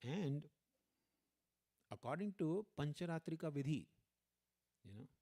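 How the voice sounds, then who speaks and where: Animated male guest lecturer telling stories. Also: on the high side, unhurried. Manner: animated storyteller, acts out quoted voices, frequent "you know". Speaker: guest speaker. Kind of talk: storytelling religious lecture.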